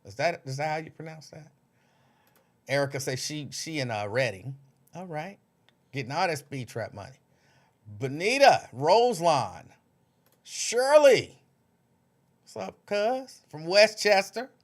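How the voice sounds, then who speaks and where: Guy hosting a livestream, kinda high voice, bouncy chatty delivery. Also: very animated, normal speed. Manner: conversational, greets viewers by name, loose informal speech. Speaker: livestream host. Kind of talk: casual livestream chat, reading viewer comments.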